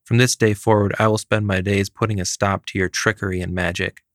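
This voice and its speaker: A man's voice: lowish voice, level tone, a little fast, no room sound, studio quality, lightly acted. A man reading a fairy tale aloud, voicing a fierce, protective young mother who speaks defiantly. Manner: defiant, demanding.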